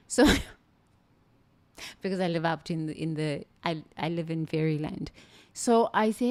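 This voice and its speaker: A woman from southern Africa, telling a spiritual story in an animated, exclamatory way with many restarts. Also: lowish voice, a little slow, pauses often. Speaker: spiritual speaker.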